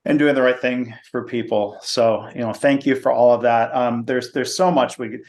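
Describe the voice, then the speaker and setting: A man hosting a podcast who wraps up an interview in a measured, appreciative way, with frequent fillers. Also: mid-range voice, steady tone, a little mellow. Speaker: podcast host. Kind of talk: interview wrap-up.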